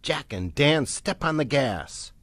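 A man, the book's author, reading his picture book aloud for children's storytime in a slow, expressive way. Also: mid-range voice, dry recording, studio quality.

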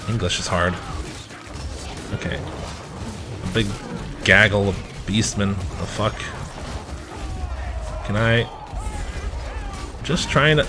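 A man playing a video game and commenting as he plays, swearing and shouting at the game, then rambling through a story. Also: on the low side, takes it slowly, pauses often, noisy background. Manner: profane, excitable outbursts at the game; chatty, rambling anecdotes. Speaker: gamer.

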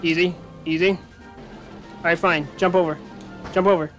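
A man giving let's-play commentary on a racing video game, rambling through animated, self-mocking jokes as he plays. His voice sits high for a man, with faint game music playing softly behind him. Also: a little slow. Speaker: gaming commentator.

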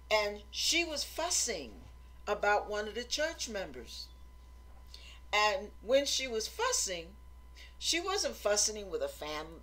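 Slow-talking woman preaching earnestly. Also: mid-range voice, fairly bright tone. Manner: earnest, exhorting, repeats phrases for emphasis. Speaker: Christian teacher. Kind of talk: informal sermon.

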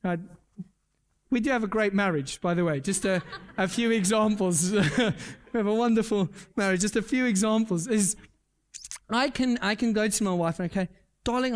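A man's voice: high voice, normal speed. A man preaching a sermon. He talks earnestly, repeats his key points, asks the congregation questions and pokes fun at himself. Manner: self-deprecating humor. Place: church service.

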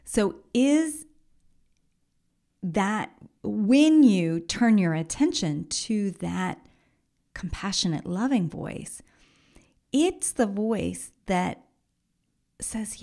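A woman hosting a solo podcast as a coach, talking in a gentle, encouraging way and often dropping into a soft whisper. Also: medium pitch, expressive, very slow, creaky, long pauses. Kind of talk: reflective solo podcast talk.

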